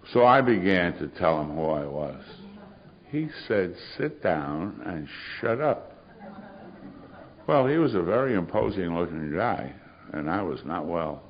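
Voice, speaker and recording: An older man telling his recovery story to a meeting in a wry, sardonic way with dry humor. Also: low-pitched. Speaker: AA speaker. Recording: muffled recording of a live talk.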